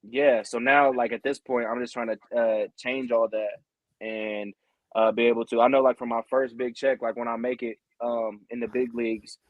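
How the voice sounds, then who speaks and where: A man's voice: medium pitch, flat delivery, normal speed, dry recording, narrow, tinny audio. A young man chatting on a podcast in a rambling, earnest way, often tagging on "you know what I mean". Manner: earnest and heartfelt. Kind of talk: casual podcast chat.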